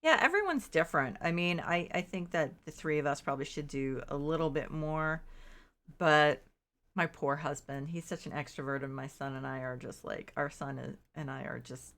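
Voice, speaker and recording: Low-voiced woman chatting casually on stream. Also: moderate pace, fairly bright tone. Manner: rambling, self-interrupting, quotes herself in exaggerated disbelief. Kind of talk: casual chat while gaming.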